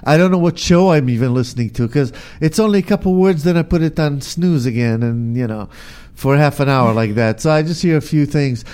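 A man's voice: a little high, fairly quick, few pauses, clean tone. A man hosting a morning radio talk show in a studio, chatting casually and laughing often. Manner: relaxed, rambling, laughs often.

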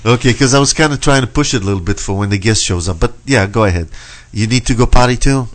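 A man's voice: mid-range voice, fast talker. A man hosting a talk show in casual banter, stumbling over his words and chuckling as he tells jokes. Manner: stumbling, chuckling joke-teller. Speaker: radio show host.

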